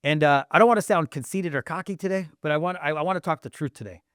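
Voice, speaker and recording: A man co-hosting a podcast in casual chat, hyped and emphatic, sometimes bursting into shouting. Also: on the high side, fast, clean tone, no echo, clean studio sound. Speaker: podcast co-host.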